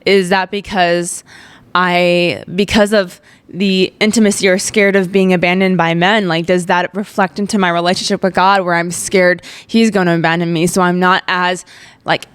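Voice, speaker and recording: A woman's voice: fairly low pitch, fairly even intonation, moderate pace, smooth, no room sound. A young woman in her twenties hosting a podcast, telling a personal faith testimony in a candid, emotional way with lots of "like" fillers. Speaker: podcast host.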